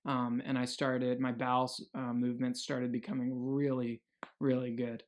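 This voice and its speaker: This earnest young health vlogger speaks in a casual video diary at a normal speed, his ordinary-pitched voice keeping a level tone. He rambles loosely, frequently starts over, and fills his speech with plenty of fillers.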